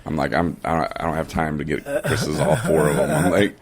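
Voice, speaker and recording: A man's voice: very deep voice, sing-song, fairly quick, slight background noise. A man co-hosting a casual podcast chat in a dry, teasing way. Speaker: podcast co-host.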